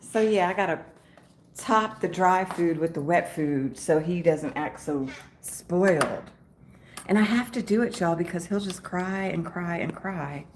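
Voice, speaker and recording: A chatty woman with a slightly low voice talks casually to her camera at home in the morning. She rambles from thought to thought, laughs easily and talks to her cat, with a faint hiss of noise behind her. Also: a little slow. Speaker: travel vlogger.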